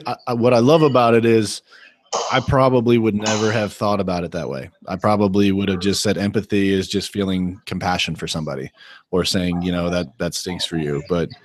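Low-voiced man, enthusiastic host. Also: a little hiss or hum. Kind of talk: casual conversation.

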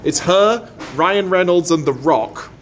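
High-voiced man ranting bluntly. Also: lively intonation, takes it slowly, a little hiss or hum. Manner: blunt, sweary and emphatic. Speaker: podcast co-host. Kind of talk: casual film review chat.

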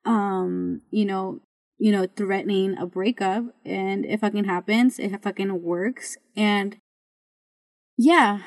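A woman's voice: medium pitch, steady tone, takes it slowly. A woman hosting a podcast in a casual monologue, blunt and full of swearing, rambling with restarts. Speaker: podcast host.

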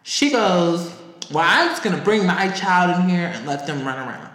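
Animated profane man telling a story. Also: normal speed. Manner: animated, profane, high-pitched when quoting others. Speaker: podcast co-host. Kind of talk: casual storytelling. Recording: echoey room.

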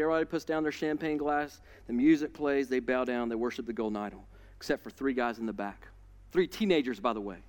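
A man preaching a sermon as a pastor, dramatic and conversational, telling a story with lively asides. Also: high-pitched. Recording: long reverb in a large hall.

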